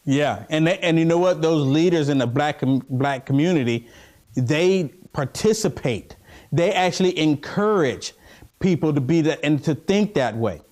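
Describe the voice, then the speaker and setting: A man co-hosting a casual political talk show, animated and preachy as he presses his point. His voice sits fairly high for a man. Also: normal speed. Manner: animated, preachy, drawing the listener in.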